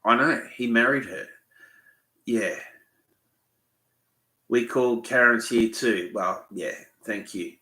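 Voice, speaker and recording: A man's voice: medium pitch, pushed and bright, roomy sound. An Australian man hosting a live Q&A, rambling and swearing as he tells a story bluntly. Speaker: fishing channel host. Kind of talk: live Q&A chat.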